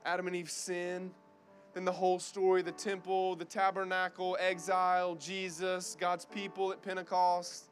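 A man's voice: high voice, monotone, normal speed, soft background music. A young man preaching a sermon to college students with an urgent, fervent delivery that repeats key lines. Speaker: guest preacher.

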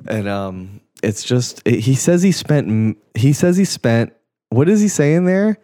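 A man's voice: medium pitch, big pitch swings, unhurried, mellow, no echo, studio quality. A young man co-hosting a podcast, chatting in a loose, rambling and profane way, often trailing off mid-thought. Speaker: podcast co-host. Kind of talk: casual chat.

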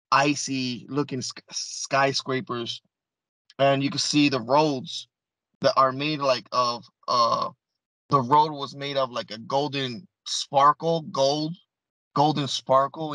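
A man with a bright, forceful tone, talking as an interview guest. He recounts his experience earnestly and casually, stumbling, repeating words and restarting his sentences. The sound is dry and close, with no room around it. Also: medium pitch, no echo, rough recording. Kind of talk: casual first-person storytelling.

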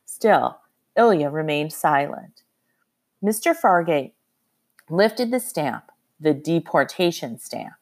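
A woman with a fairly low voice narrates a story in the first person. Her delivery is measured and expressive, like an audiobook reading.

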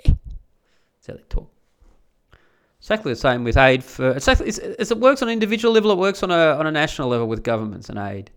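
A man rants through a monologue in a gravelly, fairly high voice. His pitch swoops all over, and he is crude and combative, firing off rhetorical questions. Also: big pitch swings, rapid-fire, few pauses. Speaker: commentator. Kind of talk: ranting monologue.

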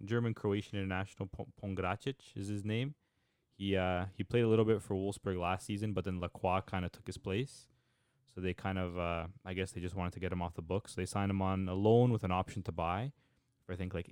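A man's voice: deep voice, steady tone, fairly quick, darkish tone, smooth, no echo, studio quality. A man casually chatting about football as a podcast co-host, loose and slangy with lots of fillers.

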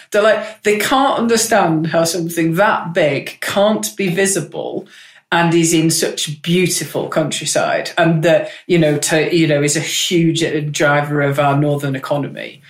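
A woman's voice: low voice, lively intonation, measured pace. Upbeat woman in a roomy office. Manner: enthusiastic, chatty, upbeat advocate. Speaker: member of parliament, guest. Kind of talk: candid conversational interview. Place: her constituency office.

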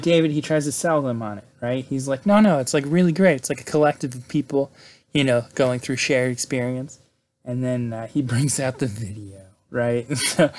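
Rambling man recapping a film plot. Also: mid-range voice. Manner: rambling, filler-heavy, frequent "right?" and "like"; laughs between lines. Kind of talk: casual movie plot recap.

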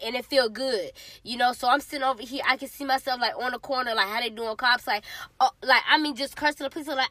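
A woman sharing her personal testimony in a casual, animated, emphatic way, talking straight to her listeners. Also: high-pitched, fast, no room sound.

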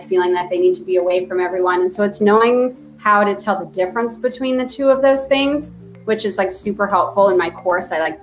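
A woman of thirty, a therapist speaking as a guest in a casual podcast interview, chatty with many fillers and restarts. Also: medium pitch.

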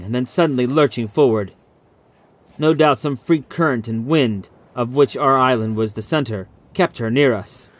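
A man reading a suspenseful short story aloud, narrating in a measured, vivid way. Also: mid-range voice. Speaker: audiobook reader.

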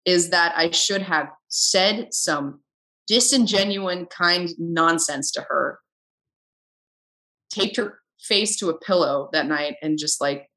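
A young adult woman, a podcast guest from film set crew, telling a story in a lively, casual way, acting out dialogue and laughing often. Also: on the low side, slow. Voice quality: animated, acts out dialogue in quoted voices, laughs often.

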